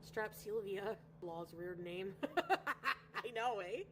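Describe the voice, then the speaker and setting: A woman's voice: medium pitch, lively intonation, drawn-out words, a bit bright, a little hiss or hum. A woman from Canada chatting casually on a livestream, rambling and greeting viewers by name. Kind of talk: casual livestream chat reading viewer comments.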